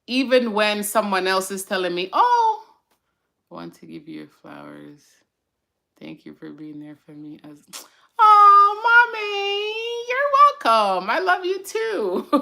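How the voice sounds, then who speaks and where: A woman hosts a casual live-stream chat, talking in a chatty, encouraging way to her viewers. Her voice is bright and forward. It sits a little low for a woman. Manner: chatty and encouraging, with fillers and side remarks to viewers. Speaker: host of a mental health segment.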